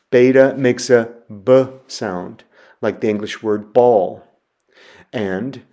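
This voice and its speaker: A man giving a recorded lecture, walking through letters slowly and methodically, repeating each example word. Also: fairly low pitch, dark tone. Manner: slow, methodical, spelling sounds out and repeating words. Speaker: teacher.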